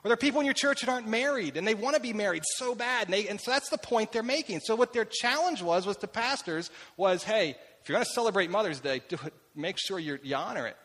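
A middle-aged pastor preaches a sermon in a high-pitched, expressive voice that is fast and fairly bright. He tells conversational, self-deprecating stories about himself, and the recording carries long hall reverb.

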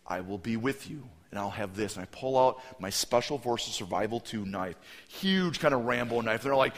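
A man preaching a sermon, telling a story and acting out the voices of frightened children with big swings in pitch and loudness. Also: expressive, moderate pace, long reverb tail.

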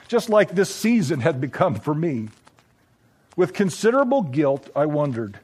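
A man narrating a scripted story in a reflective, measured, gently wry way. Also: on the high side.

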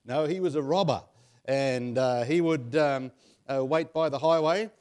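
A man's voice: mid-range voice, measured pace, a little mellow. Australian man chatting with many fillers. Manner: rambling, chuckling, many fillers. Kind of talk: casual chat.

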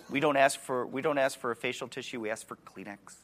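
A man's voice: mid-range voice, lively intonation, moderate pace, pauses often, a bit bright. A man in his forties with a Wisconsin accent, preaching a sermon in a conversational way and putting questions to his listeners. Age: 40s. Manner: conversational, asks the audience questions, restarts words.

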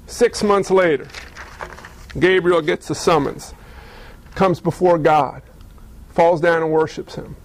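A man's voice: high-pitched, gravelly, low-quality recording. A male pastor preaching a sermon in a conversational storytelling way, full of rhetorical questions.

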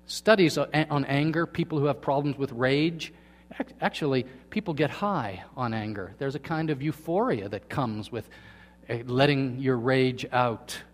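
A man preaching a sermon to his congregation, asking them questions and swinging from quiet to emphatic. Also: medium pitch, moderate pace, long reverb tail. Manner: asks the congregation questions, swings between soft and loud. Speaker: pastor. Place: church hall.

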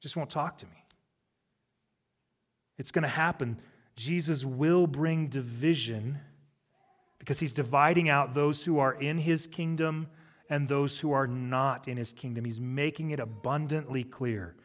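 A man's voice: a little high, measured pace, pauses often. Chatty man preaching a sermon. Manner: conversational preaching with humorous asides. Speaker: pastor.

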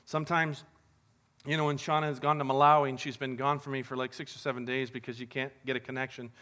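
Bright-voiced man preaching a casual sermon. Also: mid-range voice, flat delivery, fast. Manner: conversational and upbeat, addresses the congregation as guys. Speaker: pastor.

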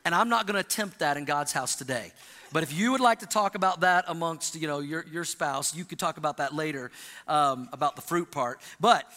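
Bright, high-voiced male pastor preaching. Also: fairly quick, long reverb tail. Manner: animated preaching, prompts the congregation to repeat lines. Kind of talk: sermon. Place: church sanctuary.

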